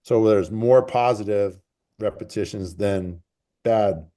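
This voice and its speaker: Laid-back low-voiced coach, mellow. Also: male voice, slow. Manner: relaxed, rambling, repeats phrases for emphasis. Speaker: track and field coach. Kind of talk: conversational interview answers. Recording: call recording.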